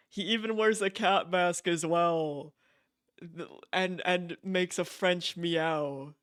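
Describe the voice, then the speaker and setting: Young man, excitable streamer, unhurried, dry close sound. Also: high voice, clean tone, dry recording. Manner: excitable, gushing, repeats himself, laughs often. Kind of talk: casual live-stream chat.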